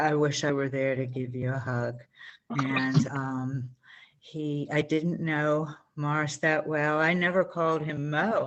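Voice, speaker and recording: A woman offering condolences to her grieving cousin, speaking softly and sorrowfully. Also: a bass voice. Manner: slow, soft and sorrowful. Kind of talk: condolence message.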